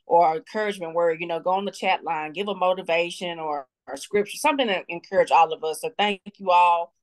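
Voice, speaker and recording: A woman's voice: fairly low pitch, brisk. A woman on a group call, laughing often between her words. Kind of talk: casual, emotional thanks.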